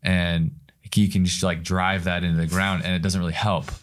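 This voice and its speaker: A man hosting a casual podcast interview, a father who responds in an animated, affirming, conversational way. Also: sits low, moderate pace. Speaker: podcast host.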